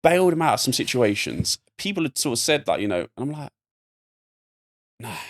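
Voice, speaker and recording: Fast-talking gravelly young man. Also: mid-range voice. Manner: rambling, animated storytelling with many fillers. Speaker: podcast guest. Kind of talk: casual storytelling.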